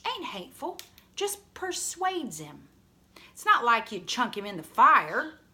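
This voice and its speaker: A proud, jumpy young boy who insists he fears nothing, drawling his words in a high, lively voice that climbs and dips a lot, as a woman reader puts him on. His tone is bright and sharp, and he sounds insistent and a bit scoffing. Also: measured pace, exaggerated voice.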